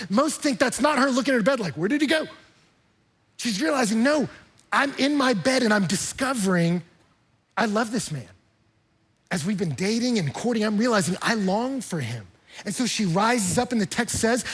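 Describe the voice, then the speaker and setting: Husky high-voiced male pastor preaching. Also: fairly bright tone. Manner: conversational and humorous, acting out quoted voices. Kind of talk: sermon. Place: church.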